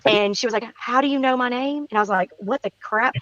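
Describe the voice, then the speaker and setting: A quick, animated woman with a fairly high voice recounts a tense encounter, acting out every quoted line. Her voice sounds dull and very dry, as if recorded close on a low-grade mic. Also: no echo. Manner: animated, acts out quotes, repeats herself. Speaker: guest recounting neighborhood encounter. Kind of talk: casual storytelling.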